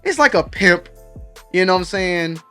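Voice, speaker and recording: A sneaker news show host addresses his viewers directly, casual and slangy in conversation. His voice sits high, with lively intonation, a sharp and clean tone, and a moderate pace, while faint music plays in the background.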